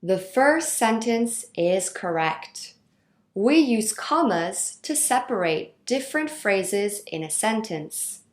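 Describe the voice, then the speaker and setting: A woman reading out a grammar lesson in a clear, instructional way. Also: medium pitch, big pitch swings, reverberant. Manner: slow, clear instructional delivery. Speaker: teacher. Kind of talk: scripted lesson narration.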